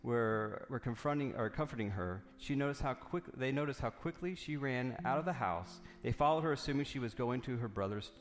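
A man's voice: medium pitch, brisk, hardly any pauses. Man preaching in a reverberant hall over guitar music, reads scripture, then gets fired up with repeated lines. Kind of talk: sermon with Bible reading.

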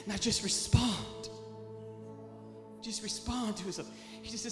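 A man ministering in a church worship hall with a strikingly high voice. He moves between hushed, whispered thanks and shouted praise. Worship music plays clearly beneath him, and the echo of the room carries every word. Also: unhurried, long pauses. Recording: echoey hall with music underneath.

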